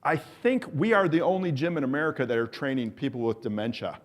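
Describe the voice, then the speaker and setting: A man's voice: mid-range voice, fast talker. A middle-aged man presenting at a symposium, leading the audience through an exercise drill, coaxing them along and calling out countdowns with enthusiasm. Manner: enthusiastic, encouraging, coaxes the audience; calls out countdowns and cues to the group.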